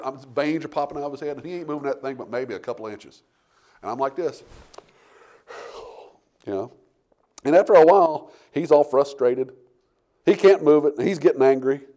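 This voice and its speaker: A middle-aged man preaching a sermon, telling homey stories and building to forceful emphasis. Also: medium pitch, fast talker, pauses often. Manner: folksy storytelling preacher, rising to forceful emphasis. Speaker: pastor.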